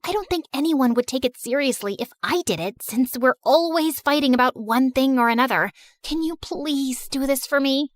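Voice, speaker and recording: A woman voicing a popular, scheming teenage girl in an animated story, urgent and persuasive. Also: high-pitched, normal speed, dry recording, lightly acted.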